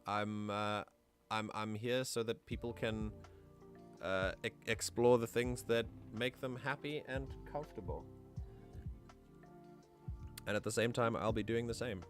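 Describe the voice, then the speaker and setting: A man's voice: lowish voice, measured pace, pauses often, soft background music. Easygoing man musing aloud on stream. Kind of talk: casual livestream chat.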